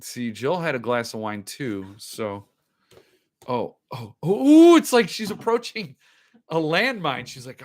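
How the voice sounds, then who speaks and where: A man's voice: mid-range voice, very animated, measured pace, darkish tone. A man hosting a podcast, rambling in loose, joking casual chat while he opens and drinks wine. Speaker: podcast host.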